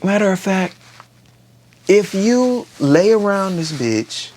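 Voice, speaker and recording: A man's voice: high-pitched, animated, slow pace, a little mellow, a little hiss or hum, pitched above the performer's own voice. A man voicing a haughty young prince who scolds with slang and curses, in a casual recap. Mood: threatening.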